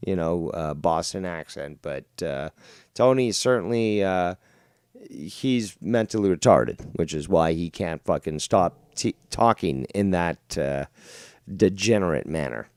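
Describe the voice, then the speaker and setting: A man's voice: sits low, expressive, a little slow, darkish tone, clear, resonant tone, no room sound, studio quality. A man hosting a podcast, joking in crude, mocking banter. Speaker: podcast host. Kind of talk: casual chat.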